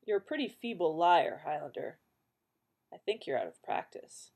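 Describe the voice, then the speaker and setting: A wry, calm male companion, voiced by a woman reading aloud, who talks in a dry, teasing way and holds firm when pushed. The voice is slightly low and mellow. It is an audiobook reading. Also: moderate pace, creaky, heavily acted.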